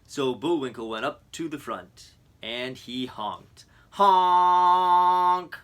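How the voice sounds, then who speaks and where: A man, a teacher, reading a children's picture book aloud to his students in an expressive storytelling voice. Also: medium pitch, measured pace.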